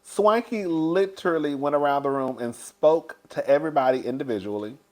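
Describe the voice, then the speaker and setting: A chatty man recapping a show for his viewers in a loose, gossipy way, his voice sitting a little higher than most men's. He talks straight to the listener, keeps calling them "girl", and laughs easily as he goes. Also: brisk. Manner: chatty and dishy, often breaks into laughter. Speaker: show reviewer and host. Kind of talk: casual gossipy recap chat.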